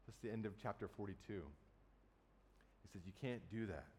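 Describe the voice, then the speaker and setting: A man's voice: lowish voice, brisk, a little mellow, slight background noise. A man preaching a sermon, retelling a Bible story in a conversational way and casually acting out the quotes. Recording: long hall reverb.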